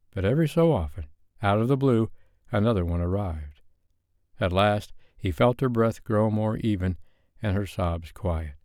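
A man narrating a romance audiobook in a measured, even storytelling manner. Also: sits low, no room sound, clean studio sound.

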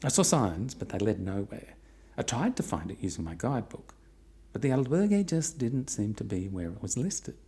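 A man's voice: on the low side, sing-song, normal speed, warm tone. A middle-aged man narrating his own long walk in a reflective way with dry, wry humour. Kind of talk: personal travel narration.

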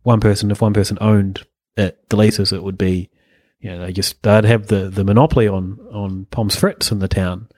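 A man's voice: lowish voice, steady tone, normal speed, darkish tone, no room sound, studio quality. A man co-hosting a casual chat podcast, rambling, correcting himself and laughing often. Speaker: podcast co-host.

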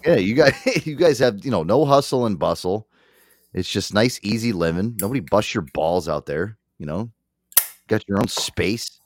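A brash man with a New York area accent, talking in a casual podcast chat with plenty of swearing and laughter. His pitch rises and falls a lot as he tells stories. The sound is dry and close, with almost no room. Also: animated, moderate pace, no room sound. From Northeast US.

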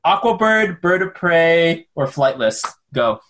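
A man's voice: on the high side, expressive, slow pace, fairly bright tone. A man hosting a casual podcast chat, playful and teasing, laughing often as he talks. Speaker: podcast host.

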